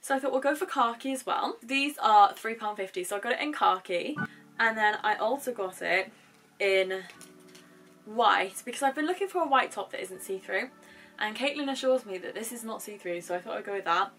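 A woman's voice: fairly high pitch, expressive, moderate pace, a bit bright, faint music behind. A young woman vlogger chatting casually and gushing about a shopping haul. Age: young adult.

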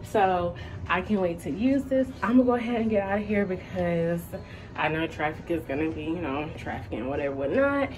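A woman's voice: fairly low pitch, fairly quick, slight background noise, poor audio. A woman vlogger chatting casually and directly to her viewers from home. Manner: chatty, animated, talks straight to viewers. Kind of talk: casual vlog chat. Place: home bathroom, indoors. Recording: music playing behind.

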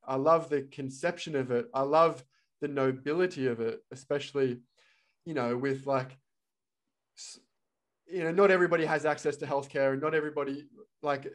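A man hosting a podcast, talking in an emphatic, animated and lecturing way during a casual conversation. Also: a little high. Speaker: podcast host, physiotherapist.

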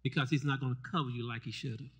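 A man preaching a fervent sermon in church. He keeps asking the congregation to respond and builds up to shouts. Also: mid-range voice, steady tone, very fast, husky. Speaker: pastor. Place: church service.

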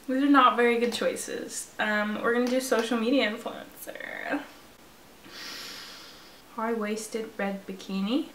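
A woman's voice: a little high, steady tone, a little slow, a bit bright, echoey room, a little hiss or hum. A young woman chatting casually while she plays a phone game, self-mocking and swearing freely. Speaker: vlogger playing a phone game. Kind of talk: casual gameplay chat.

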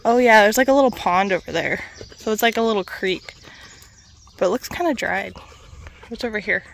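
A woman's voice: mid-range voice, normal speed, vocal fry, slight background noise. A woman vlogging casually on an outdoor trail, chatting and talking to her dog as she walks. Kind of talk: casual walking vlog.

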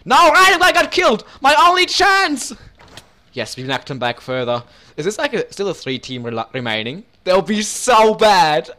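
A young man calls out a video game in a high, bright voice that swings wildly in pitch. He shouts and laughs one moment and mutters under his breath the next, with restless gamer energy. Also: moderate pace. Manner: excitable, yelps and laughs, mutters low asides. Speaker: gaming video host. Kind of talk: excited gameplay commentary.

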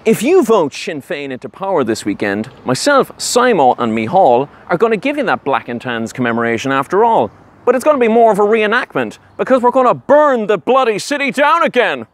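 A man's voice: high voice, big pitch swings, a little fast, voice pushed up. Man doing a pompous Cork property tycoon. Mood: swaggering. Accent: Cork, Irish. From Ireland. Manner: pompous, boastful, theatrical. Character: smug posh Cork businessman, arrogant. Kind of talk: satirical character monologue.

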